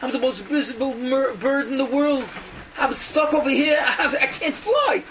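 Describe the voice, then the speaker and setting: A man doing a wailing, miserable caged parakeet. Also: moderate pace. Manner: high, wailing, laughing through the lines. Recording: dull lo-fi recording with faint noise.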